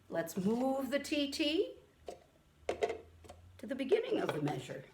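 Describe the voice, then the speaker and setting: Teaching kids music over a camera, a woman with a high voice swings hugely in pitch as she counts and chants rhythm syllables, slow and patient. There's slight background noise on the camera mic, and she's in a room with a keyboard.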